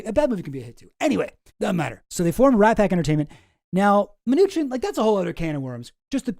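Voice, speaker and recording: A man's voice: a little high, dark tone, no echo, studio quality. A man hosting a commentary channel, talking in a casual, rambling, sarcastic way and swearing often.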